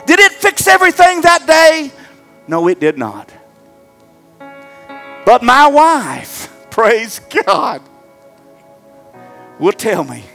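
A middle-aged male pastor preaching to his congregation, moving from loud fervent exhortation to hushed, halting storytelling. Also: extremely high pitch, wildly swooping pitch, creaky, soft background music. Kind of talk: sermon. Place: church sanctuary before a congregation.

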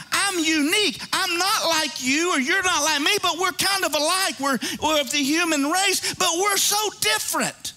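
A man in his fifties preaching with a very high, lively voice, swinging up and down as he works the congregation. He is bright and upbeat, whoops often, and jokes freely between points. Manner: exuberant and joking, with whooping exclamations. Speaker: pastor. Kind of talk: sermon.

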